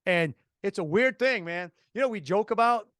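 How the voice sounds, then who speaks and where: A man's voice: sits high, expressive, moderate pace, fairly bright tone, no room sound, clean studio sound. A man with a Cajun accent, co-hosting a podcast and telling a long rambling story with many restarts. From Louisiana. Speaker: podcast co-host. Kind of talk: casual storytelling.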